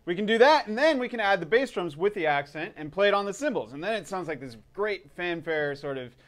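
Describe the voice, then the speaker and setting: A man teaching drums in a casual video lesson, relaxed and upbeat, counting in before he plays. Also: sits high, a little fast. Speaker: drum teacher.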